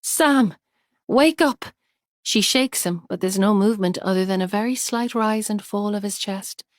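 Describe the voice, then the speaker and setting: A woman narrating a thriller audiobook in a measured, tense way. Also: medium pitch, steady tone, no room sound, clean studio sound. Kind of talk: scripted narration.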